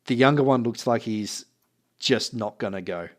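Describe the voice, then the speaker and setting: A man running a tabletop game as game master, narrating in a relaxed, meandering way. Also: mid-range voice, normal speed.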